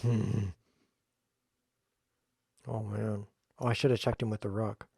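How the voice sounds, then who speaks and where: A man's voice: fairly low pitch, slow, gravelly, slightly rough, dry recording. Jokey male chess streamer, dry close mic. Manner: jokey, excitable self-talk while playing. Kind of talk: live game commentary.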